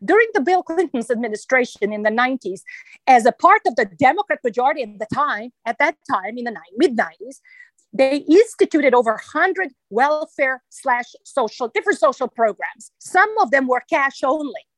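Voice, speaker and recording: Serbian-accented woman, high lively voice, dry close sound, talks with lots of passion. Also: moderate pace, no echo, rough recording. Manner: emphatic, passionate, animated. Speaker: guest. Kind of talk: radio interview.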